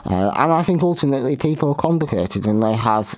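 A man hosting a show, talking through history in a halting way with many restarts and fillers. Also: medium pitch, expressive, darkish tone, no room sound. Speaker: podcast host. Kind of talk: unscripted history commentary.

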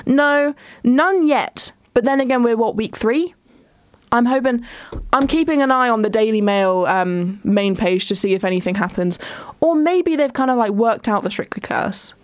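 A woman's voice: medium pitch, normal speed, dry recording. A young woman, hosting a casual solo chat show, rambling with lots of ums and restarts. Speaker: podcast host.

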